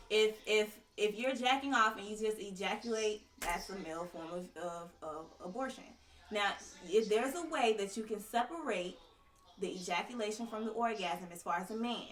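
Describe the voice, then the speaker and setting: A woman explaining her ideas in a relaxed podcast chat, sure of herself and full of loose slang. Her voice sits at an ordinary pitch. The recording is roomy and she sounds a little back from the mic. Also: moderate pace, recorded from a distance. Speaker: guest, tantric sex coach. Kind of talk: casual podcast conversation.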